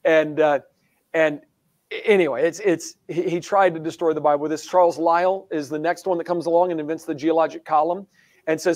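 A man giving an emphatic presentation in a discussion, animated, with frequent restarts and mocking asides. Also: a little high, a little fast, dry recording. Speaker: guest speaker. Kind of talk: presentation in a live-streamed discussion.

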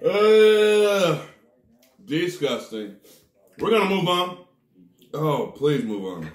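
A man reviews snacks on camera in a casual food-tasting vlog, groaning dramatically at each bite and talking straight to his viewers as "people." His mid-range voice is very animated, slow and fairly bright, with a reverberant sound and faint music behind.

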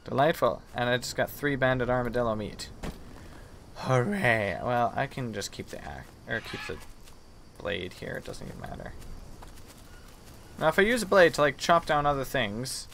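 A man's voice: medium pitch, vocal fry, fairly bright tone, a little hiss or hum. A young man giving casual, self-mocking commentary as he plays a survival game. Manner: chatty, self-mocking, mock apologetic to game animals. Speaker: gaming video host.

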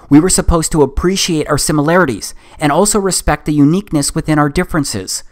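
Earnest man narrating a voice-over. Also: on the high side. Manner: earnest, preaching conviction. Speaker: documentary narrator.

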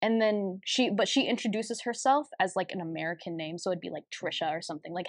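A young woman in her twenties co-hosts a casual podcast, telling stories with lots of fillers and restarts. Her voice sits at a middling pitch. The recording is dry and close, with no room sound. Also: fairly quick, hardly any pauses, no room sound. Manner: animated storytelling with many fillers and restarts. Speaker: podcast co-host. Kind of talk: casual chat.

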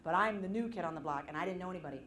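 This woman's voice sits on the low side and races along very fast as she gives a live seminar talk to an audience on stage. Acting out quoted voices, she tells personal stories full of self-deprecating humor in an animated way, as motivational speakers do. Slight background noise accompanies a roomy sound.

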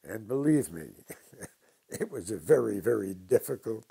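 An older man from New York telling stories from his past slowly and with dry humor in an interview. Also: lowish voice, big pitch swings, creaky, dark tone, breathy edge. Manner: slow, deliberate anecdotes with dry humor. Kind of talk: storytelling interview.

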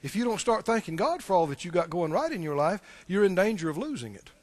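A man's voice: high-pitched, sing-song, quick pace, dry recording. A man preaching a sermon, emphatic and repetitive, speaking directly to the congregation. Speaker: pastor.

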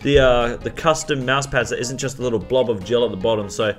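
A man's voice: mid-range voice, a little fast, faint music behind. Crude, swearing male game news host. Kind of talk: casual game news vlog.

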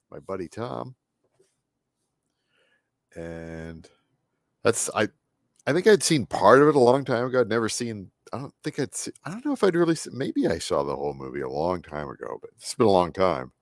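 Guy with a deep scratchy voice rambling while he paints live, mutters to himself, dry close sound. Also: no echo. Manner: muttering to himself, trailing off and restarting. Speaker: artist hosting a live painting stream.

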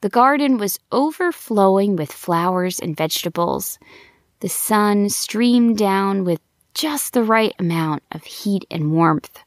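A woman telling a children's story in gentle, unhurried scripted narration. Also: mid-range voice, no room sound, clean studio sound. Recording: soft background music.

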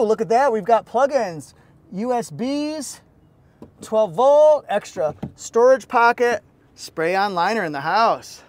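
Upbeat man, car reviewer, higher-pitched voice, jokey walkaround delivery. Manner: upbeat and playful, jokey asides.

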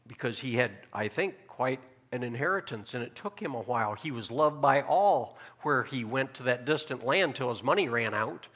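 A man preaching a sermon as pastor, asking the congregation questions and dropping to a hushed tone to make a point. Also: medium pitch, animated, moderate pace, hardly any pauses. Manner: preaching with rhetorical questions and sudden drops to a hushed tone. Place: church sanctuary.

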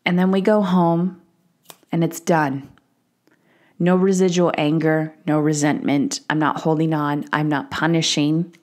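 A woman's voice: deep voice, level tone, measured pace, a little mellow. A woman in her thirties hosting a solo podcast, talking candidly and casually swearing, acting out the voices she quotes. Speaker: podcast host.

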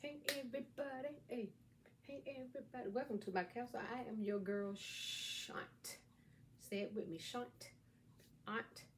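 A middle-aged woman demonstrates a craft at home, speaking folksily and playfully straight to her viewers in a chatty how-to vlog, filmed by a camera on a stand at a table. Her voice is fairly high and a little mellow, brisk, with fairly even intonation. There's slight background noise.

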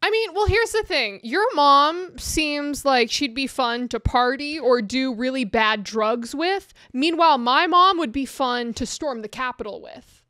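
A woman's voice: high-pitched, lively intonation, a little slow, pushed and bright, no room sound, clean studio sound. A woman co-hosting a podcast, chatting casually with wry, profane humor. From Silicon Valley, California. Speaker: podcast co-host. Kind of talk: casual chat.

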